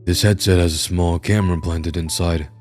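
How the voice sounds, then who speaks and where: A man's voice: low-pitched, fairly even intonation, normal speed, a little mellow, faint music behind, natural voice. A man doing a curt masked henchman. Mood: threatening. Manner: curt, threatening. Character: tall menacing masked male henchman.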